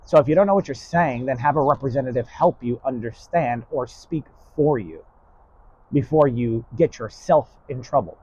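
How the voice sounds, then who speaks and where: A man's voice: mid-range voice, expressive, normal speed, warm tone, breathy edge, highs cut off. A man giving a rambling spoken lesson in a stern, blunt and profane way. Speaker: lecturer.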